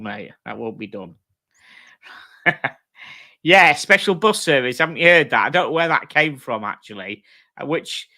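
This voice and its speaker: A man's voice: mid-range voice, pushed and bright. A man hosting a casual live stream, reading comments aloud and trading sweary banter with viewers. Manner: sweary, blokey banter, laughs often. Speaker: livestream host. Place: at home with dogs.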